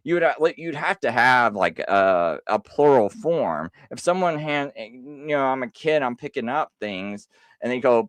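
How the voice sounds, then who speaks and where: A male livestream host with a sarcastic, mocking edge, laughing as he argues. His pitch moves all over the place, rising high in disbelief and dropping low. The sound is dry and close. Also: expressive, moderate pace, clear, resonant tone, no echo. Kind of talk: livestream rebuttal commentary.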